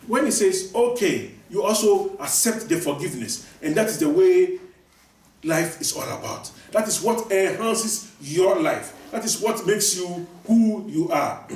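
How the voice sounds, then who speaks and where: Male preacher, somewhat high voice, emphatic and repetitive, heard from a distance in a roomy space. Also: darkish tone, slight background noise. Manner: repetitive, emphatic, many restarts. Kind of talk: sermon. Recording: echoey room, voice from far off.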